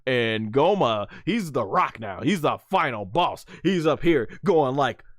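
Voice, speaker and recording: A man recaps an anime episode in loose, excitable play-by-play, tossing in sound effects as the fights unfold. His voice sits at an ordinary male pitch, and the recording is dry and close. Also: a little slow, no echo. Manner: excitable, punctuates action with "boom"; loose and rambling, with many restarts and fillers.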